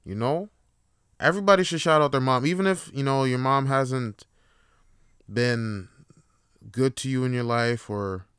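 A man's voice: medium pitch, measured pace, long pauses, fairly bright tone, clean tone, no echo, clean studio sound. A man hosting a casual solo podcast, rambling through his thoughts with frequent fillers and restarts. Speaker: podcast host.

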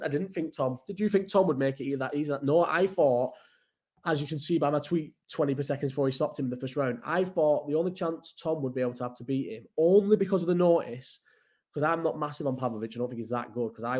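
Hosting a laid-back live chat, a Bolton-area man with a Bolton accent rambles, swearing and speaking bluntly. His voice is medium-pitched and a little mellow.

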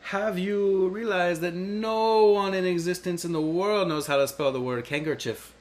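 A man from the United States hosting a casual podcast, playfully quizzing his co-host. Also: moderate pace. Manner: playful quizzing, jumpy pitch.

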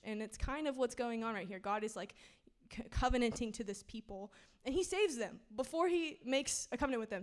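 Young woman, casual sermon, chatty and playful, fairly high voice, smooth clear tone. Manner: chatty and playful, many "like"s, laughs often. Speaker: speaker giving a church talk. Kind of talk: casual sermon retelling Bible stories.

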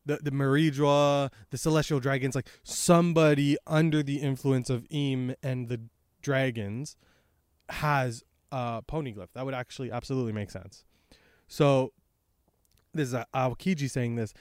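A man's voice: medium pitch, a little slow, a little mellow, smooth, no echo. A man hosting a podcast, chatting casually through a comic chapter, rambling and trailing off on a close mic. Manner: rambling, reads dialogue aloud, trails off. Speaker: podcast host.

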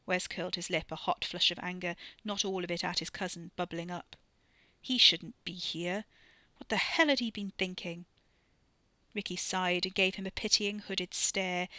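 A woman reads a novel aloud in a steady, measured narration. Her voice is bright and clear, recorded close and dry with no room sound. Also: fairly low pitch, dry recording. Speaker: audiobook narrator. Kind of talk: scripted narration.

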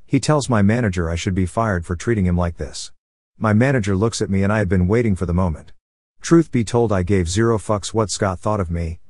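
A man's voice: lowish voice, a little mellow, dry recording, clean studio sound. A man narrating a forum revenge story in a wry, blunt, profane manner.

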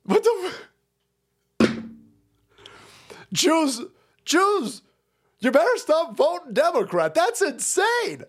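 Man ranting with wildly swinging pitch. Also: big pitch swings, slow pace, long pauses. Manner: profane, heated, mocking rant with frequent laughs. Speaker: streamer host. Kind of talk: ranting live-stream commentary.

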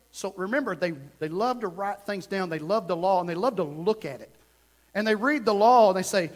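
A man preaching a fervent sermon as pastor, dropping to a hush and then rising to shouts. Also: high-pitched, moderate pace. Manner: fervent, swings from hushed to shouting.

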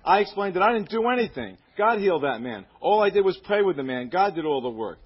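A man preaching on the radio with a husky, slightly raised voice. He reads the letter with fervent, praising earnestness, and the sound is dull and lo-fi like an old broadcast. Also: high voice, big pitch swings, quick pace. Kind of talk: sermon reading a listener's letter.

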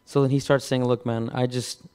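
A man preaching, telling a personal story in a halting way, with many repeated words and restarts. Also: mid-range voice, flat delivery, a little mellow, clear, resonant tone. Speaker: pastor. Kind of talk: sermon testimony.

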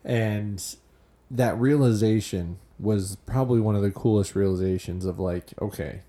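A man's voice: lowish voice, normal speed, warm tone. A man co-hosting a podcast, talking casually and reflectively about a movie. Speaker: podcast co-host.

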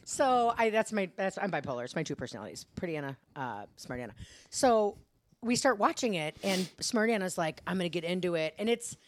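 Chatty giggly woman, lively voice. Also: medium pitch, brisk. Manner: chatty, giggly, lots of fillers and restarts. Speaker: podcast co-host. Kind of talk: casual chat.

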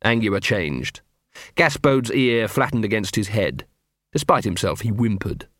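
A man narrating a comic fantasy audiobook with expressive storytelling. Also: fairly low pitch, measured pace, no echo, studio quality. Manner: expressive, character-driven storytelling. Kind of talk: scripted narration.

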